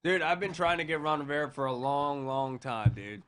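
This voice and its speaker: A young man co-hosting a casual sports chat, excitable and laughing, with lots of dude. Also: on the high side, moderate pace, smooth. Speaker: podcast co-host.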